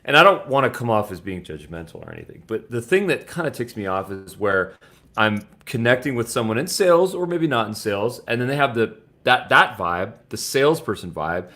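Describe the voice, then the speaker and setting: A man hosting an interview, asking reflective questions in a relaxed, conversational way. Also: medium pitch, fairly quick. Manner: reflective, laughs easily. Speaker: interview host.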